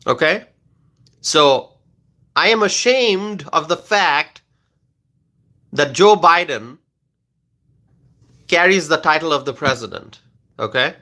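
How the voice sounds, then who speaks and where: A man's voice: on the high side, lively intonation, slow, long pauses, bright, forceful tone. A man hosting a casual live stream, reading viewer comments aloud and answering them in a chatty, rambling way, often ending sentences with "okay?".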